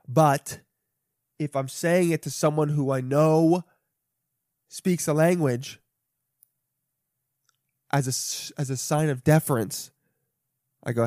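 A man's voice: medium pitch, moderate pace, long pauses, dry recording. Rambling podcast guy, dry close mic. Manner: casual, profane, swings between loud bursts and mumbling asides. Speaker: podcast host. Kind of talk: rambling solo podcast chat.

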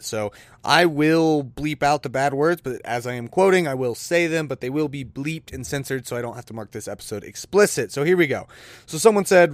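A man's voice: medium pitch, no echo. A man hosting a casual solo podcast, rambling and self-deprecating, with bursts of exasperated disbelief. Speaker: podcast host.

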